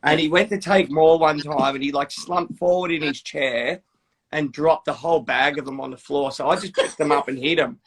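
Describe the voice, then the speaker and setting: A man, a tattoo artist telling rough stories in casual chat and swearing freely. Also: a little high, fairly even intonation, normal speed. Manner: swearing storyteller, acts out quotes.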